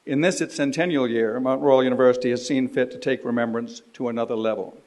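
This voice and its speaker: A man in his seventies from Canada, giving a formal ceremonial speech at a podium in a measured, dignified way. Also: mid-range voice, fairly even intonation, darkish tone, poor audio. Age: 70s. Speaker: ceremony speaker. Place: university ceremony hall.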